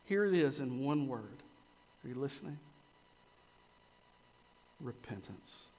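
A man preaching a sermon as pastor, swinging between emphatic rises and quiet, intense drops. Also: mid-range voice, animated, moderate pace. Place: church sanctuary. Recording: long church reverb, dull lo-fi sound.

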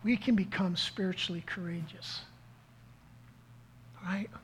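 Steady in tone and unhurried, the mid-range voice of a pastor preaching live comes through with a faint hiss or hum in the audio. The sermon is call-and-response, questioning the audience and repeating key lines for emphasis.

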